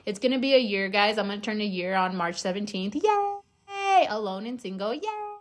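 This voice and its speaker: A woman's voice: medium pitch, fairly even intonation, quick pace. A young woman hosting her own podcast, chatting casually, joking and swearing, rambling with lots of fillers. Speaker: podcast host. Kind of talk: casual chat.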